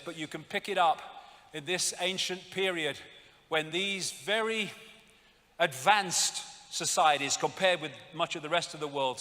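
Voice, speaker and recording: A man's voice: on the high side, pushed and bright. A man giving a stage lecture, ranting and sarcastic, swearing often. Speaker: public speaker. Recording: hall reverb, faint crowd.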